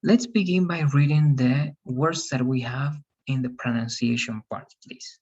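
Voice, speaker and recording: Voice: medium pitch, unhurried, darkish tone, breathy edge, muffled recording. An English teacher on a video call, patiently correcting students' pronunciation and encouraging them. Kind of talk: online class feedback.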